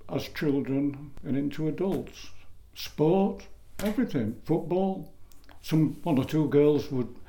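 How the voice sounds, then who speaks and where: Older english guy, mellow low-key voice, rambling through old memories. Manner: rambling, self-correcting storyteller. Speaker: interviewee recalling his youth. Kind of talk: oral history reminiscence.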